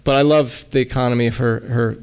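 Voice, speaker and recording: A man giving a relaxed lecture at a college, hesitating often with ums and restarts and reading his own poems aloud. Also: mid-range voice, brisk, clean tone. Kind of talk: casual lecture with poem readings.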